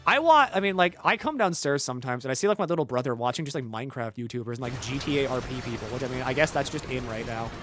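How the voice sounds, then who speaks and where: A man's voice: mid-range voice, lively intonation, fast, hardly any pauses, over music. A young man streaming a game, chatting casually and rambling with lots of "like". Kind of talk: casual gameplay chat.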